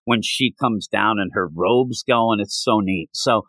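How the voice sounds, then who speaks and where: A man hosting a podcast, recapping a comic in casual, rambling, animated chat with lots of filler words. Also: on the low side, measured pace, no room sound. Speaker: podcast host.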